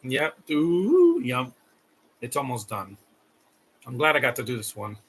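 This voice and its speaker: A man's voice: medium pitch, normal speed, pushed and bright, slightly rough. A young man hosting a live stream, chatting casually and rambling with frequent restarts while reacting to a movie. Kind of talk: casual watch-along commentary.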